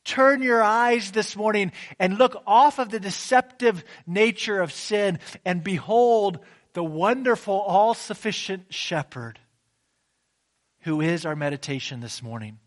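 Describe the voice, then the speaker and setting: A man preaching a sermon, moving between hushed, drawn-out phrases and raised, emphatic ones, often repeating a phrase for effect. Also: high voice. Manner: slow deliberate delivery with repeated phrases. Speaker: pastor.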